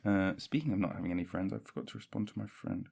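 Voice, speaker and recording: A man's voice: low voice, steady tone, quick pace, gravelly, darkish tone, husky. A young man hosting a solo podcast, rambling and self-mocking, with a lot of swearing. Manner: scattered, self-mocking, swears a lot, drifts into silly voices. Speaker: podcast host.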